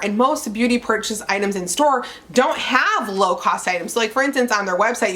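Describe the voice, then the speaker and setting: A young woman casually ranting in a beauty vlog, chatty and animated, packing her talk with fillers. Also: medium pitch. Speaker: beauty subscription box reviewer.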